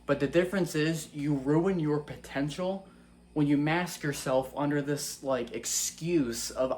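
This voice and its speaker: A man's voice: a little high, unhurried, darkish tone. Earnest young man, challenging, rhetorical. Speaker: Christian vlogger. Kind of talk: casual faith-based monologue.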